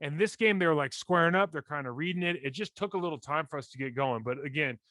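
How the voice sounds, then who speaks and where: A man in his forties co-hosting a casual sports podcast, animated and breaking down plays in detail with many restarts. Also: a little high, quick pace, no echo. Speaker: podcast co-host, former NFL lineman.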